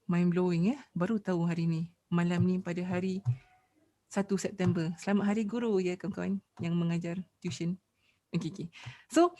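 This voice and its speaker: A woman's voice: medium pitch, brisk, darkish tone. Malaysian woman teacher, playful and quizzing, class explainer read. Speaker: Quran teacher.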